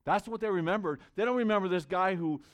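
A man's voice: high-pitched, quick pace. A man preaching a sermon as pastor, earnest and conversational, reading Bible verses aloud to his church.

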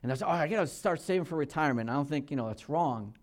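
Preaching very fast in a slightly high, animated voice, a pastor in his sixties gives an earnest sermon in a conversational style. He checks in with the listeners and shifts between loud emphasis and quiet asides.

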